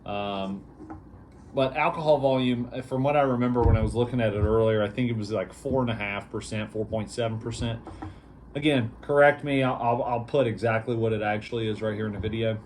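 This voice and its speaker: A man's voice: lowish voice, a little fast, a little mellow, a little hiss or hum. Easygoing rambling man reviewing beer. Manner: rambling, easygoing, lots of fillers. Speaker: beer reviewer, show host. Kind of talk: casual vlog review.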